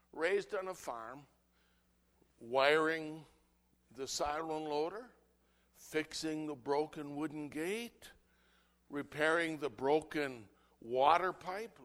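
Forceful preacher, impassioned sermon. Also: male voice. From United States. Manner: impassioned preaching that swings from loud outbursts to low, earnest asides. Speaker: pastor.

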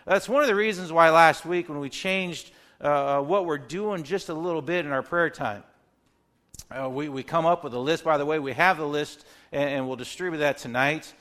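A man's voice: a little high, normal speed, fairly bright tone. A man preaching a sermon in an earnest manner, often repeating words as he stresses a point and acting out sample prayers. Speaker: pastor.

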